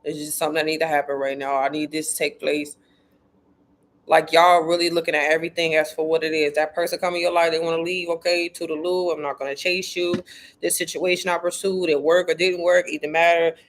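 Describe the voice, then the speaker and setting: A woman's voice: sits low, flat delivery, fairly quick, a little hiss or hum. A woman talking casually to her viewers about spirituality, blunt and profane, full of slang and repeating herself for emphasis. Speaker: spiritual content creator. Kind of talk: casual livestream talk to viewers.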